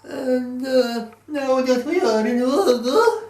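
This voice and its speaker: A man's voice: very high voice, expressive, slow pace, a little mellow, exaggerated voice. A man with a Norwegian accent voicing a chatty, eager man from inland Norway, rambling with many fillers. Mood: upbeat. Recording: roomy, distant mic, faint noise.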